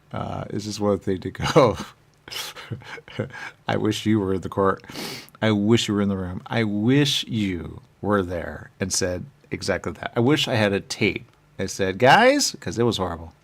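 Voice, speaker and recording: A man telling a rambling improvised comic monologue, laughing often and swinging from shouting to muttering. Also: deep voice, normal speed, gravelly.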